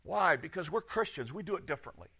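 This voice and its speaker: A man delivers a lively sermon, firing off rhetorical questions. His voice sits a little high and rings bright and forceful, rising to loud points and dropping to hushed asides. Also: fast, husky. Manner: animated, rhetorical questions, swings between loud and soft. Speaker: pastor.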